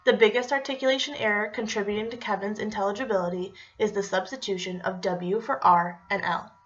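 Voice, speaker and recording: A woman narrating a clinical report, reading technical terms in an even, matter-of-fact tone. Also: mid-range voice, a little fast. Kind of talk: read-aloud report narration. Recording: dull lo-fi recording.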